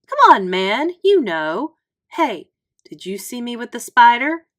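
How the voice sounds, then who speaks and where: A fourth-grade boy puts on a breezy, swaggering cool to seem tough, voiced by a woman reading aloud. His lines bounce with a lively lilt, pitched a touch high, in a storybook telling. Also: slow pace, heavily acted. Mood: bragging.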